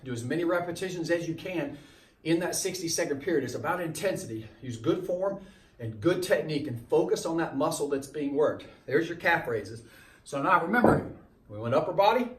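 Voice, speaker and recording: A man's voice: fairly high pitch, lively intonation, brisk. A man coaching a circuit workout while doing the exercises, a little winded, giving repeated cues on form and timing. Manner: coaching, repetitive cues, demonstrating as he talks. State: slightly winded. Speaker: fitness trainer. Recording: echoey room from a distance.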